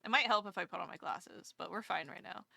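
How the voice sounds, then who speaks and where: A woman's voice: mid-range voice, quick pace, gravelly, bright, forceful tone, no echo, clean studio sound. A woman VTuber streamer chatting casually with her viewers live, rambling and self-deprecating, gushing over kind messages.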